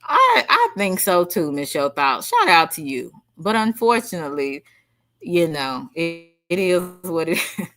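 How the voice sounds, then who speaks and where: A woman hosting a livestream, chatting casually and reading out viewer comments in an animated, slangy way. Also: lowish voice, unhurried. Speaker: livestream host.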